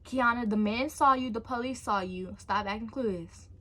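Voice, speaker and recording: A woman's voice: on the high side, moderate pace, pushed and bright. A woman voicing a stern grandmother who scolds her grandchild insistently. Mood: scolding.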